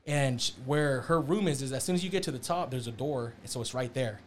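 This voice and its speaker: A young man telling a story in casual chat, animated and slangy, acting out the quotes. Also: mid-range voice, fairly quick, a little hiss or hum. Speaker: storyteller on a podcast.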